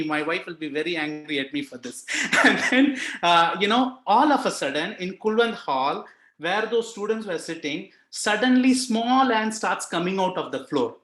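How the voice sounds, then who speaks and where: Earnest Indian man, bright high voice. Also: expressive, normal speed, roomy sound. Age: young adult. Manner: earnest and emotional, many fillers and restarts. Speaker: speaker sharing a personal experience. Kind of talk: devotional testimony talk.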